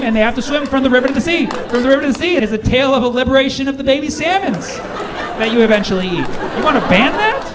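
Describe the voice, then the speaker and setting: A male stand-up comedian performing an animated set, jumping into exaggerated voices for his bits. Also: high-pitched. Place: live comedy venue with audience. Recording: live room with crowd and noise. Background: audience laughter.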